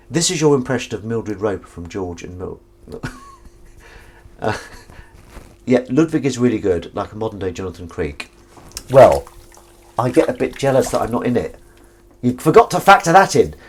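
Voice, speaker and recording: Man, casual livestream host, animated pitch, rambling and self-deprecating, reads chat while doing dishes. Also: breathy edge. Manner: rambling, self-mocking, chatty asides. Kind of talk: casual chat reading viewer comments.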